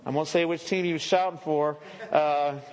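Chatty pastor preaching in a reverberant church. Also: male voice, fairly high pitch, steady tone, unhurried. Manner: conversational, joking asides and self-corrections. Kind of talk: sermon. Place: church sanctuary. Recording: echoey church hall with long reverb.

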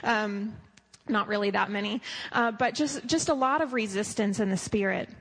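A woman youth leader sharing a church trip testimony in a lively, casual way. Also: medium pitch, moderate pace, long reverb tail.

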